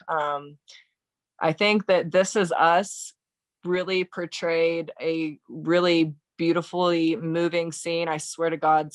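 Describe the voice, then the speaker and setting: Young American woman, guest on a podcast, flat monotone delivery, hesitant and full of restarts. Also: deep voice, dry recording. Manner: halting, many fillers and restarts. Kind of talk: emotional personal recollection.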